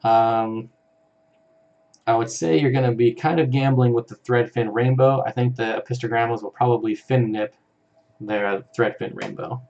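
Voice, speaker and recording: A man's voice: mid-range voice, steady tone, normal speed, darkish tone, muffled recording. A man hosting a casual live stream, reading out viewer comments in an easygoing way and chuckling often. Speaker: live-stream host for an aquarium channel.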